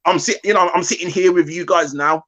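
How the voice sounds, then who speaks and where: A man's voice: high voice, fairly even intonation, a little fast, fairly bright tone, muffled recording. A man from the UK, a hip-hop journalist guest, chatting loosely with lots of "you know what I mean". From United Kingdom. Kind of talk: casual interview chat.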